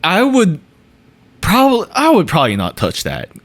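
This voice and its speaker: A man's voice: high-pitched, normal speed. A man co-hosting a casual pop music podcast, hesitant and full of restarts. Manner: hesitant, many fillers and restarts, animated. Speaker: podcast co-host.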